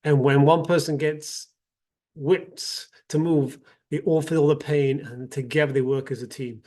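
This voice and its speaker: A man voicing a calm old peasant. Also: on the high side, a little slow. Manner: calm, reassuring.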